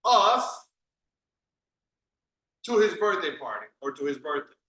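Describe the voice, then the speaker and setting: A man leads an English lesson, patiently correcting each student and repeating words slowly for them to copy. His voice sits high and bright, and he talks at an unhurried pace. The sound is roomy, with a noticeable echo. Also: sing-song. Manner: patient, corrects and drills pronunciation. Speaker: English teacher. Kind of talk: online English class.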